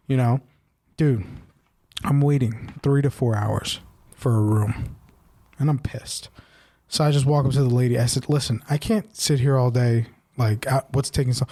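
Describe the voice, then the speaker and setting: A man co-hosting a podcast, telling a long personal story in casual chat and tagging on "right?" a lot. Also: medium pitch. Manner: animated, repeats "right?" often, acts out quoted voices. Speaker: podcast co-host.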